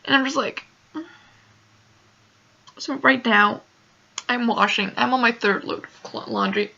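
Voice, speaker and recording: Young woman vlogger, upset and near tears, rambling, fry-heavy bright voice, muffled lo-fi audio. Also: fairly high pitch, steady tone, a little slow. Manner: emotional, rambling, many "like" fillers. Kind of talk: casual storytelling vlog.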